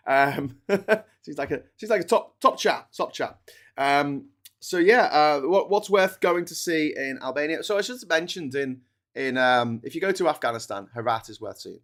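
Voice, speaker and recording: A man's voice: on the high side, lively intonation, measured pace, a bit bright. A man hosting a solo livestream, chatting in a digressive, jokey way, full of restarts and trailing asides. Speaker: livestream host. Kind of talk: rambling solo livestream chat.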